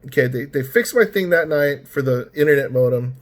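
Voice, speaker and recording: A man's voice: medium pitch, animated, fairly quick. A man vlogging a rambling, exasperated rant about his personal experience, full of fillers and restarts. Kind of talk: ranting personal story.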